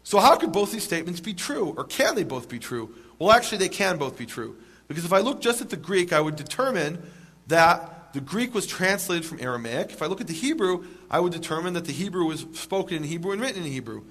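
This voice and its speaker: A man's voice: high-pitched, big pitch swings, brisk, fairly bright tone. A man giving a lecture to a live audience, emphatic, asking rhetorical questions and making wry jokes.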